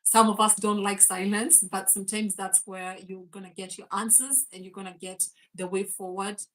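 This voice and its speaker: A woman's voice: medium pitch, flat delivery, normal speed, a bit bright, low-quality recording. A woman, hosting a faith and mindset livestream, laughing often and greeting viewers by name. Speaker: host.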